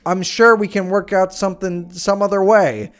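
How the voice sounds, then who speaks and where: A bumbling cartoon father , put on by a man reading a story aloud, whines and begs in a raised, strained voice. He sounds high-pitched and jittery. Loud, pleading and clumsy. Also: fairly even intonation, moderate pace, faint music behind, close to an everyday voice.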